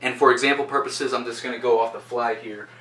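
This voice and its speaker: Guy teaching presentation skills, crisp bright voice, direct and punchy, sounds a bit off-mic in an echoey room. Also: mid-range voice, steady tone, fast talker. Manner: direct, shifts loudness for emphasis. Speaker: presentation coach. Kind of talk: instructional talk to camera. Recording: roomy sound from a distance.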